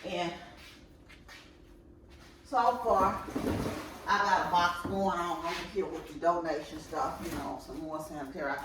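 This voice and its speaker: In a casual home vlog, a woman talks straight to her viewers while unpacking groceries. Her voice is fairly low and steady, a little slow with frequent pauses, recorded on a distant mic in an echoey, noisy room.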